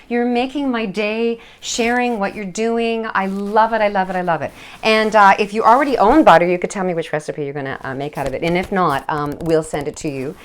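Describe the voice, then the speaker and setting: A woman hosting a live cooking show, chatting in a bubbly, animated way. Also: medium pitch. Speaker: host.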